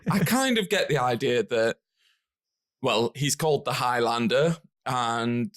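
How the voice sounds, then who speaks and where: A man's voice: mid-range voice, lively intonation, unhurried, fairly bright tone. A British man hosting a casual film podcast, laughing often and swearing freely. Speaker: podcast host. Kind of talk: casual chat.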